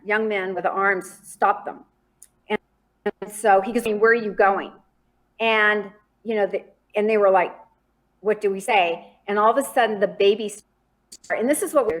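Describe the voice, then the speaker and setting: A woman guest on a podcast, telling a story in an animated, dramatic way. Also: mid-range voice.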